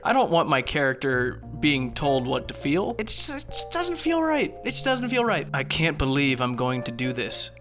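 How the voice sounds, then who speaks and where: A young man giving sarcastic, profane comedic commentary on a video game, ranting about its writing. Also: medium pitch. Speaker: gaming commentary host.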